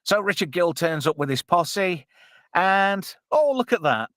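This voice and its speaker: A man's voice: high voice, big pitch swings, a little slow, fairly bright tone, no echo, studio quality. A man hosting a casual live film watch-along, chatty and jokey with lots of fillers. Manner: chatty, jokey, filler-heavy, reads chat aloud. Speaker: podcast host watching a film with chat.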